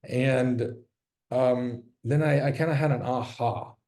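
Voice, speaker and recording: A man's voice: mid-range voice, fairly even intonation, slow pace, darkish tone. A man who sells real estate, giving a casual, candid talk from his office, joking and swearing freely. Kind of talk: casual presentation. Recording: roomy echo.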